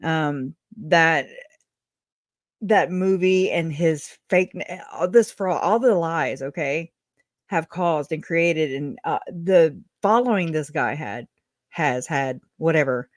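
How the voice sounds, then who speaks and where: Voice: medium pitch, slow, no echo, clean studio sound. A commentator reacting to clips in a mocking, blunt way, swearing freely.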